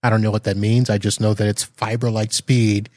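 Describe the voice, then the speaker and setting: A man's voice: on the low side, little pitch movement, a little fast, darkish tone, dry recording, studio quality. A man hosting a casual interview, joking and laughing often with his guest. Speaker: show host.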